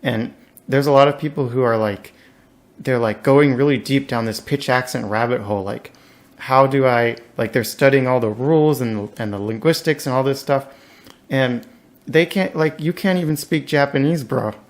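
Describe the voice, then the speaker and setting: A man's voice: mid-range voice, moderate pace. A man, a guest in a casual interview, talking in a laid-back, slangy way with lots of "like".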